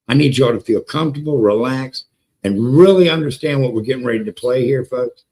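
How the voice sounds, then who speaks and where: Man, livestream host, casual chat, hyped-up, profane, repeats words, greets chat by name, middle pitch. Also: fairly quick, mellow, slight background noise, poor audio. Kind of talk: casual live-stream chat with viewers.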